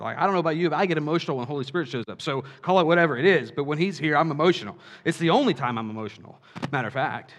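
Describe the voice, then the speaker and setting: A man preaching a sermon, animated, swinging from quiet asides to shouts and acting out quoted voices. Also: fairly high pitch, fast. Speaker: pastor.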